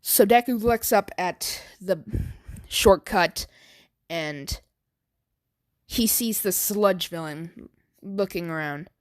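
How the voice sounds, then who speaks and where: Slow, hesitant woman telling a fan story. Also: on the low side. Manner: hesitant, filler-heavy, stammering. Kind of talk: improvised fan story narration.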